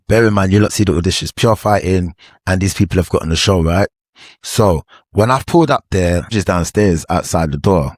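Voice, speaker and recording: A young man, a former reality show cast member, telling a slang-heavy story in an animated, repetitive way. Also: low-pitched, brisk, dry recording, clean studio sound. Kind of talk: storytime vlog.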